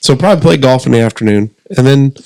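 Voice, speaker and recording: A middle-aged man from Southern Indiana, co-hosting a podcast in casual chat, relaxed and joking as he lays out his plans step by step. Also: mid-range voice, fast, gravelly, no room sound, rough recording. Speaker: podcast co-host.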